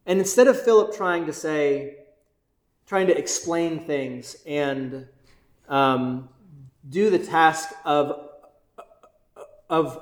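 Male pastor, somewhat high voice, lively conversational sermon, roomy church echo. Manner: energetic, conversational, keeps asking "right?"; excited, bouncing while preaching.

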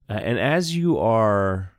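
A man narrating a tabletop game as game master, slow and laughing often. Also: fairly low pitch.

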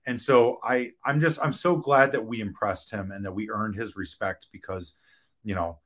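A man's voice: fairly low pitch, steady tone, fairly bright tone. A man speaking as an interviewed film director, talking candidly with frequent restarts and the occasional curse. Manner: frank, halting, many restarts and profanity.

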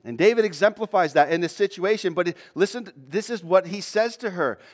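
A man preaches a sermon in a slightly higher-than-usual voice, speaking fairly quickly. He reads a passage, pauses to explain it, and sometimes acts out the people he quotes, his delivery building in intensity.

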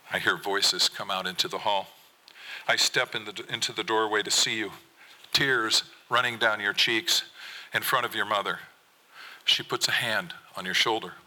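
Middle-aged guy reading his fishing poem, low voice, intense edge, steady pace. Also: low-quality recording. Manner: earnest, measured spoken-word delivery. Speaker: fisherman poet. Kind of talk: performed poetry reading.

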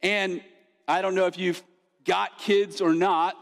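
Man, pastor, relaxed chatty sermon, playful asides, fairly high voice. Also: slow, creaky. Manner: casual, conversational preaching with playful asides. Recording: long reverb of a church hall.

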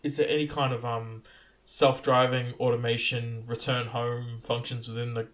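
A man's voice: mid-range voice, little pitch movement, moderate pace, a bit bright. A man playing a tabletop game who speaks hesitantly, with many fillers and laughs. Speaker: player.

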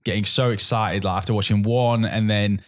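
A man with a lowish voice steers a casual film podcast. He talks steadily, setting up topics and recapping plots for his co-host. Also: moderate pace. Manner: steady, guides the episode, reads out plot. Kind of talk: casual chat.

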